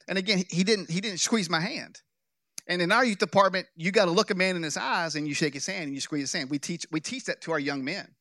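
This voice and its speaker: Male pastor, lively storytelling sermon, fairly high voice, dry close sound. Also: fast talker, dry recording. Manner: animated, joking, with restarts.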